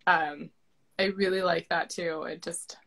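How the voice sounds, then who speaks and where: A woman's voice: fairly low pitch, fairly even intonation, a little slow, creaky, fairly bright tone, low-quality recording. A woman author interviewing her narrator in casual chat, effusive and gushing, with many fillers and restarts.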